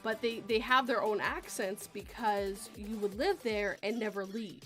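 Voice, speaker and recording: A woman's voice: medium pitch, steady tone, a little slow, a bit bright, faint music behind. A woman from Western Canada hosting a casual chat, talking in a rambling way and laughing often. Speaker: host.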